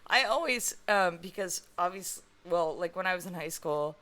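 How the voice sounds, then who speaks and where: A woman on a live stream telling stories casually, chatty and quick to laugh. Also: lowish voice, animated, pushed and bright. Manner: chatty, storytelling, breaks into laughter. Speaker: guest co-host.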